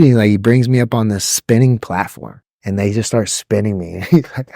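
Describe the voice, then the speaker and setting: Talking fast with hardly any pauses, a young man co-hosting a podcast rambles through stories, laughing and cursing often and mimicking drill instructors yelling. His fairly low voice is animated, and the clean studio sound has no echo.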